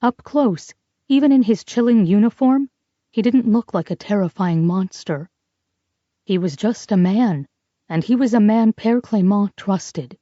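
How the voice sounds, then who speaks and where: A woman narrating an audiobook in a measured, steady storytelling manner. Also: mid-range voice, no room sound. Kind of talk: scripted narration. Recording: slightly dull dry recording.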